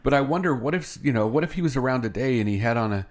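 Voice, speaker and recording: A man's voice: mid-range voice, expressive, very fast. A man co-hosting a morning show, bantering in an easygoing, joking way. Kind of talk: casual chat.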